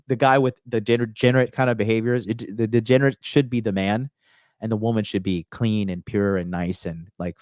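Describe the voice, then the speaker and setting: Blunt, scolding man with a low voice. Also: darkish tone, no room sound, clean studio sound. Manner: blunt, scolding, repeats phrases for emphasis. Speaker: host of a dating advice channel. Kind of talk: reaction commentary on a clip.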